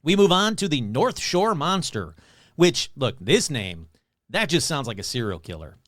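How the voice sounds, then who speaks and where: A podcast host with a fairly high voice that bounces all over the place, chatting sarcastically and rambling as he mocks himself and his material. The sound is dry and close, with no room around it. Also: very animated, moderate pace, fairly bright tone, no room sound. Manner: sarcastic, rambling, self-mocking. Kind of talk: casual comedic chat.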